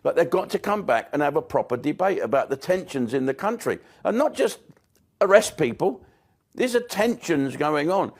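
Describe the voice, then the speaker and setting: A man's voice: on the high side, lively intonation, normal speed. A man, a British comedian, ranting to camera in a blunt, sweary, sarcastic way. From Britain. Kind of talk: angry casual monologue.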